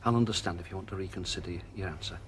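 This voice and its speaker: An actor playing an older shopkeeper in a TV soap, blustering one moment and tender the next. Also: male voice, deep voice, rapid-fire, a little hiss or hum. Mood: earnest. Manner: blustering then tender, with northern turns of phrase. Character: older male shopkeeper, bluff and soft-hearted. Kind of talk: TV soap drama.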